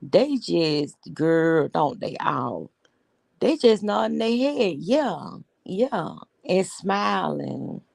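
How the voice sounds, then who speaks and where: A woman's voice: on the low side, sing-song, slow pace, creaky, a little mellow, dry recording. A woman hosting a casual live stream, telling stories bluntly and with profanity as she greets viewers.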